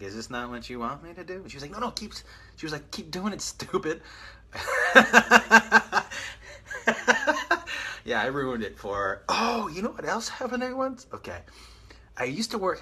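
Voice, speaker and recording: A man's voice: mid-range voice, fairly bright tone. A man in his forties hosting a live stream, telling rambling, self-mocking stories and answering viewer comments. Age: 40s. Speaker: podcast host on a live stream. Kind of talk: casual storytelling and reading viewer comments.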